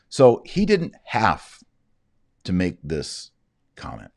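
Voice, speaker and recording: A man with a very deep voice talks straight to his audience in a loose, casual monologue. He rambles from story to story, growing animated as he goes. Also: slow pace, pauses often, no echo. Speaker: host.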